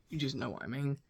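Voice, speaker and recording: A man's voice: mid-range voice, vocal fry, pushed and bright, breathy edge. A British man giving a casual, rambling review of a show, full of fillers and asides. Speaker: home-video reviewer.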